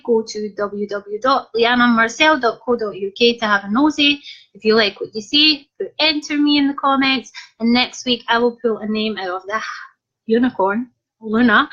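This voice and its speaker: A Scottish author, her voice a little high and fairly bright, hangs out casually on a live stream, reading comments aloud and adding jokey remarks. Slightly muffled, lo-fi stream audio.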